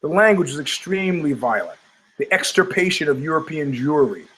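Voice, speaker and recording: Brisk and slightly rough, his voice sits on the high side. The speaker is an older podcast host running a talk show, where he swears freely, rants casually, and animatedly imitates people while telling stories.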